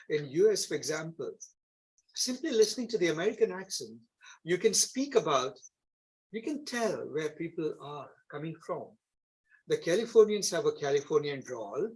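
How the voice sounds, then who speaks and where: A man with an Indian accent gives a classroom lecture. His voice sits fairly high and sounds husky. He explains step by step and keeps checking in with the class through short tag questions. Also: rough recording. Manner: explanatory, frequent tag questions like "isn't it?" and "right?". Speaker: instructor.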